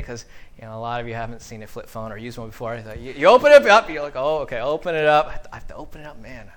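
A man preaching a sermon, acting out little scenes and dialogue, often restarting and repeating words, with big swings between loud and quiet. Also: on the high side. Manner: animated, acts out dialogue with big swings in loudness.

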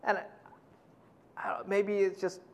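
A middle-aged man preaching a sermon in a conversational way, full of "you know", who acts out quotes in a loud, high voice. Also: completely flat delivery, measured pace. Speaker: pastor.

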